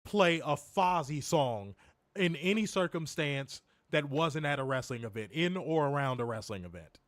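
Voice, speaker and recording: Hoarse, foul-mouthed man trash-talking. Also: fairly high pitch, animated, normal speed, dry recording. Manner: profane, mock-threatening trash talk. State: losing his voice. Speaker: wrestling show co-host. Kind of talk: casual podcast banter.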